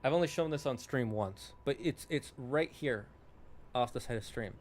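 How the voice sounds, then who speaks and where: A man's voice: mid-range voice, lively intonation, normal speed, a little hiss or hum. A young man streaming, chatting casually and rambling, often correcting himself and breaking off into asides to chat.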